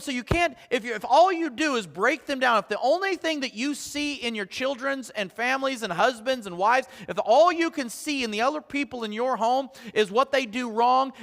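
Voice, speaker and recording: Man, pastor, sermon, conversational with restarts, bright tone, long church reverb. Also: very high voice. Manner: conversational, many restarts, quotes his own family talk. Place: church sanctuary.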